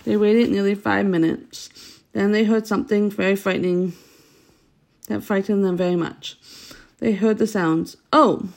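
A woman's voice: medium pitch, steady tone, normal speed, creaky, long pauses, a little mellow. A woman reading a children's story aloud, unpolished, with stumbles and self-corrections.

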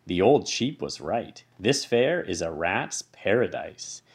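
A man's voice: sits low, big pitch swings, slow pace, full character voice. A man voicing a scornful, greedy male rat who talks in a sneering, boastful way.

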